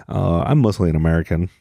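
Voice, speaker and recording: Male podcast host from Utah, low voice, mellow tone, rambling self-deprecating comedy monologue, dry close sound. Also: creaky, dry recording.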